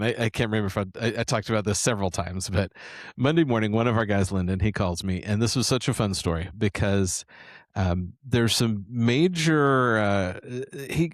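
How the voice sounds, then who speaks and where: A man's voice: fairly low pitch, dry recording, studio quality. A man hosting a sales coaching show, telling a story and promoting a training series in an enthusiastic, rambling way with frequent restarts. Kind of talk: casual sales coaching talk.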